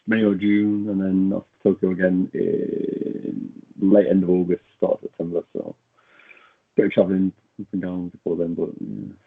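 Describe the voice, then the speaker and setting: A man answering interview questions as a guest, brief and matter-of-fact, trailing off quietly. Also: sits low, phone-quality sound. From Britain. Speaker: podcast guest, athlete.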